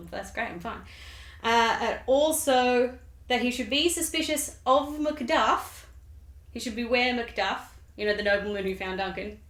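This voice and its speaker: A woman's voice: fairly high pitch, a bit bright. A woman hosting a comedic summary of a play, chatty and sarcastic, with rambling asides. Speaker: video host. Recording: roomy echo.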